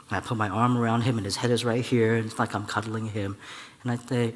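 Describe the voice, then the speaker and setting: A man preaching a sermon as a church elder, telling a personal story in a lively way and acting out the voices of the people in it. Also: lowish voice, fast. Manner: animated storytelling, acts out voices, laughs at own story. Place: church hall. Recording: church hall with long reverb.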